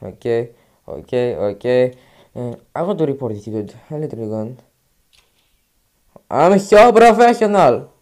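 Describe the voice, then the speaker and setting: A man's voice: mid-range voice, sing-song, a little slow, pauses often, darkish tone. Fired-up Greek-accented gamer guy. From Greece. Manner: frustrated, swinging between mutters and outbursts. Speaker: gaming YouTuber. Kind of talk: gameplay commentary.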